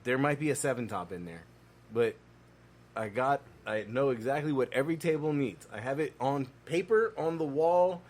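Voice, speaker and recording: A man co-hosting a podcast, telling animated, profane restaurant stories in casual chat. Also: mid-range voice, moderate pace. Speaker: podcast co-host.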